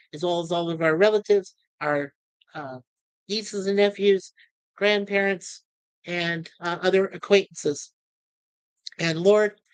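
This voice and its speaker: A man's voice: high-pitched, clear, resonant tone, no echo. A middle-aged man hosting a livestream, chatting casually and rambling as he reads viewer comments. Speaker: livestream host.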